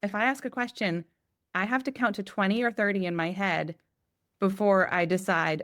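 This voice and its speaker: Brief: woman in her forties, low-pitched, dry close sound, animated storyteller who acts out quotes. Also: normal speed, no room sound. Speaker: guest, parent. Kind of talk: casual storytelling.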